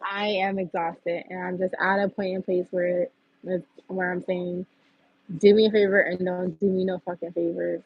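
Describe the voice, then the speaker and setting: A woman's voice: fairly low pitch, flat delivery, moderate pace, creaky, breathy edge, dry recording, dull audio. A woman hosting a livestream, venting bluntly and profanely in a heated rant. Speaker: livestream host.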